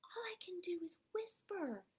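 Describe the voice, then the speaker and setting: A woman's voice: very high voice, sing-song, normal speed, a little mellow, pitched above the performer's own voice. A woman voicing a sleepy little male rabbit in whispered role-play, speaking in a drowsy whisper.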